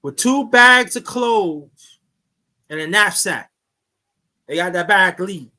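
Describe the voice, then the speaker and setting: Man, casual storytelling host, rambling, repeats words, bright tone. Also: high voice, expressive, takes it slowly. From New York. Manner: rambling, repeats himself, restarts often. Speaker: YouTube channel host. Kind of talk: casual storytelling on a live chat.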